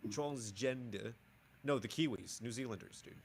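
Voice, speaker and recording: A man's voice: medium pitch, lively intonation, fast, a bit bright. A man co-hosting a podcast in casual, playful chat, with sudden bursts of vocal sound effects. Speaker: podcast co-host. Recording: podcast mic.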